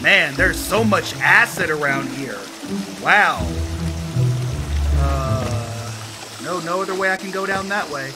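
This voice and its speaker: A man playing a video game and commenting excitedly, talking to himself as he goes. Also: on the high side, slow pace, over loud music. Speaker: gaming YouTuber. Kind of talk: let's play commentary.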